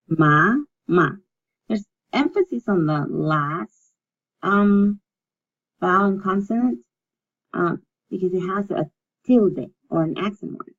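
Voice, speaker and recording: A woman leads a recorded language lesson, taking her time and repeating each word so learners can follow along. Her voice has a gravelly, fry-tinged texture and an unhurried pace. The recording sounds dull and lo-fi. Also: fairly low pitch, a little mellow. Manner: slow, patient, repeats words for practice. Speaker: Spanish teacher.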